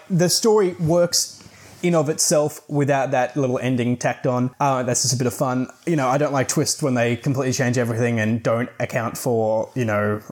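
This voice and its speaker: A man's voice: medium pitch, darkish tone. A man giving a casual, rambling book review, recapping the plot with fillers and the odd swear. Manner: chatty, rambling, swears now and then.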